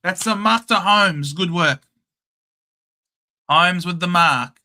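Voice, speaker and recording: A young Australian man hosting a casual live watchalong, calling the play in a chatty, excitable and blunt way. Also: high voice, takes it slowly. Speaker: host. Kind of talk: casual live match commentary.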